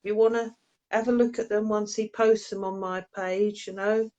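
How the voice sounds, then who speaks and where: A woman's voice: medium pitch, level tone, moderate pace, dark tone, highs cut off. A woman hosting a casual live video as a medium, chatting, laughing and reading out viewers' comments. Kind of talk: casual live-stream chat.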